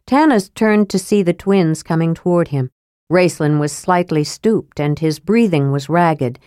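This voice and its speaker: A woman narrating a fantasy audiobook in a steady, even reading voice. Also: sits low, measured pace, dry recording, clean studio sound.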